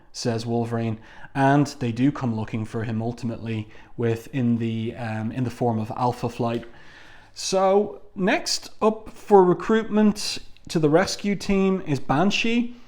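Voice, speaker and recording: A man's voice: mid-range voice, fairly even intonation, measured pace, darkish tone. A man reviewing an old comic book in a casual, chatty way, with frequent fillers and asides. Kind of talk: casual review with read-aloud quotes.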